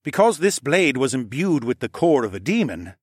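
Man putting on a cheerful theatrical alchemist, higher voice, louder, eager. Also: big pitch swings, moderate pace, husky, no echo, clean studio sound.

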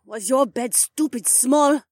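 A man's voice: extremely high pitch, slow, no echo, clean studio sound, voice pushed up, heavily acted. A man doing a grumbling, blunt young woman.

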